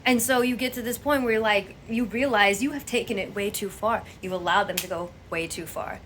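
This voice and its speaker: A woman's voice: medium pitch, moderate pace, fairly bright tone, slight background noise. A woman giving a blunt, profane, exasperated rant to camera as a vlogger.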